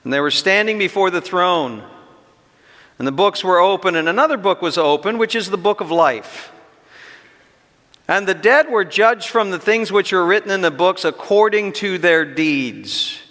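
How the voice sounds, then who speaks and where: A man's voice: sits high, expressive, sharp tone. Emphatic man preaching in a reverberant hall. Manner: emphatic, rhetorical questions, slows down to stress points. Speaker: pastor teaching an equipping class. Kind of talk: expository sermon teaching. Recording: long reverb of a church hall.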